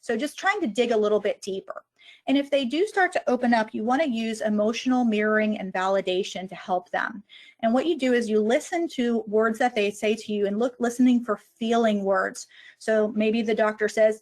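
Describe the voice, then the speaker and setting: A woman with a fairly high voice talks fairly quickly in an online lecture on physician well-being. She explains step by step how to approach a struggling colleague, modeling the conversations as she goes.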